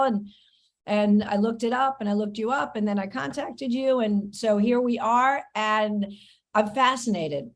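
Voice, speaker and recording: A woman hosts her comedy podcast, talking in a loose, chatty way. She reads her own ads and drops quick self-mocking jokes between them. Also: fairly high pitch. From New York, USA. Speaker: podcast host. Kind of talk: casual podcast chat and host-read ads.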